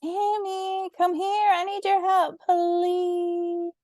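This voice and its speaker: A woman's voice: very high-pitched, flat delivery, drawn-out words, darkish tone, no room sound, studio quality, voice pushed up, exaggerated voice. A woman voicing a young, eager and determined girl in a storybook reading, earnest and bouncy. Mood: shouting.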